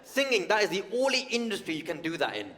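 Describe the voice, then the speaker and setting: Lively man doing stand-up. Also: high voice, fast. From United Kingdom. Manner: conversational, teasing, addresses the audience. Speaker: stand-up comedian. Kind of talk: stand-up comedy set. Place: large theatre stage. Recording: long hall reverb.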